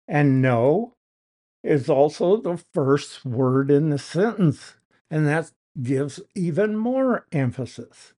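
A man delivers a verse-by-verse Bible teaching in a slightly higher register. He speaks slowly and deliberately, and he punches the key words with emphasis as he explains them. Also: expressive, mellow.

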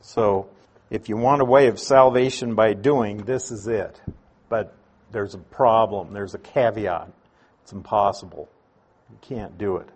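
Slow, husky-voiced male preacher. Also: fairly low pitch. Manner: slow, deliberate teaching with emphatic stresses. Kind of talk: sermon.

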